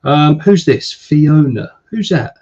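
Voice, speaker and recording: A man hosting a casual live stream, chatting and giving viewers shout-outs. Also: fairly high pitch, expressive, slow pace. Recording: slightly dull stream audio.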